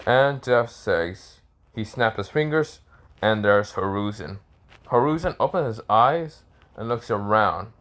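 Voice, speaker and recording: A man's voice: mid-range voice, fairly bright tone. A man improvising a fan-fiction story aloud in a rambling, self-correcting way with lots of fillers.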